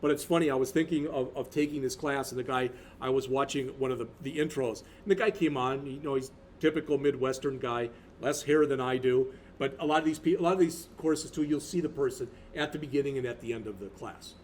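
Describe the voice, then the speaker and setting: A man's voice: mid-range voice, brisk, few pauses, a little mellow, slight background noise. A man in his fifties, a college instructor, talking through a recorded lecture in a rambling, conversational way with many restarts.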